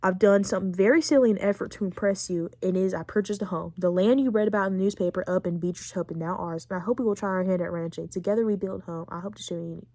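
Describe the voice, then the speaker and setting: A woman doing a rough outlaw's tender letter. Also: medium pitch, fast talker, few pauses, warm tone, no room sound, clean studio sound, close to an everyday voice. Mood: earnest. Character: gruff male outlaw writing a tender letter.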